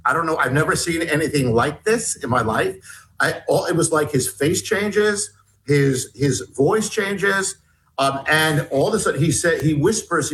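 A man telling a story in an interview as a guest author, halting and restarting often while acting out dialogue. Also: fairly high pitch, fairly bright tone, a little hiss or hum, poor audio. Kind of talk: animated storytelling.

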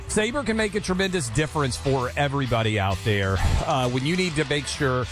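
A man's voice: mid-range voice, animated, fairly quick, over music. A man co-hosting a talk radio show, reading a sponsor ad live in an upbeat, salesy way. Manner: salesy, slightly breathless. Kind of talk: live-read radio advertisement.

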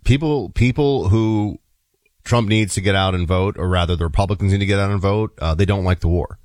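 A man's voice: deep voice, a little fast, darkish tone, no echo, clean studio sound. A man co-hosting a talk radio show, talking in a casual, emphatic and playful way, and also reading an ad live. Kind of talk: casual political radio chat and live-read ad.

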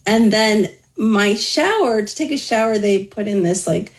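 A woman's voice: medium pitch, lively intonation, measured pace, low-quality recording. A woman being interviewed as an author, telling her life story openly in a conversational way, with wry humor. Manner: candid, wry humor, talks through hardship plainly.

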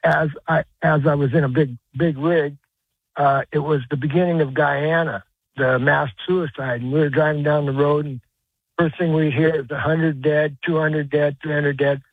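A man calling in to a radio show, telling a personal story in a halting, rambling way with lots of restarts. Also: fairly high pitch, steady tone, breathy edge, no echo. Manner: rambling, halting, many uh's and restarts, earnest. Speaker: caller. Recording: tinny phone line.

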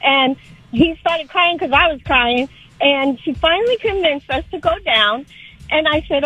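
High bright-voiced woman telling a story. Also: lively intonation, a little slow, poor audio. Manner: earnest, dramatic storytelling. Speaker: caller. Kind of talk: telling a true story on call-in radio.

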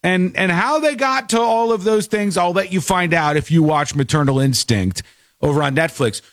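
A man's voice: high-pitched, moderate pace, dry recording, clean studio sound. A man hosting a casual talk show, telling stories animatedly and acting out the people he quotes. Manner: animated storyteller, acts out quotes. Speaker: podcast host. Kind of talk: casual chat.

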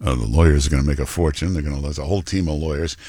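A man's voice: very deep voice, racing, mellow, breathy edge, no echo, clean studio sound. A male talk radio host giving blunt, mocking commentary with many fillers and restarts.

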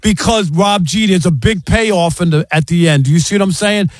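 A man hosting sports talk radio, arguing his point emphatically and acting out fans yelling. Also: high-pitched, normal speed, no room sound, clean studio sound. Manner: emphatic, argumentative, acts out fans' yelling.

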